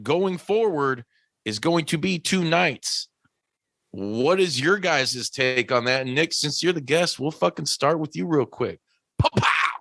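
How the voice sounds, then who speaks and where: A man's voice: on the high side, lively intonation, measured pace, gravelly, fairly bright tone, no echo. Swearing, rambling male podcast host. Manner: swears freely, loose and rambling. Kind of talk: casual chat.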